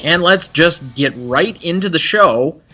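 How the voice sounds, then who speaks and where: A man's voice: fairly high pitch, lively intonation, a little slow, pushed and bright, soft background music. A young man co-hosting a casual movie-review podcast, chatty and analytical, with frequent fillers. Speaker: podcast co-host.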